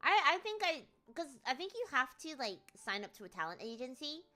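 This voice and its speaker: A woman's voice: sits high, big pitch swings, fairly quick, pushed and bright. A British woman streaming, chatting casually in a rambling, jokey way with lots of laughter. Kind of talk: casual chat.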